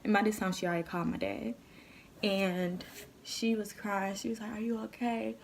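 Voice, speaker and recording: A young woman telling a story on her vlog, animated and profane, full of slang. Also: mid-range voice, moderate pace, vocal fry, slight background noise. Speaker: vlogger.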